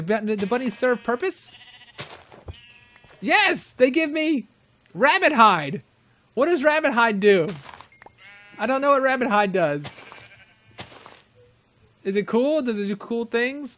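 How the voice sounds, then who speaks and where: Male let's-play host, high voice, rambling and chatty with frequent laughs. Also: fairly bright tone. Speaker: gaming channel host. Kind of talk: casual let's-play commentary.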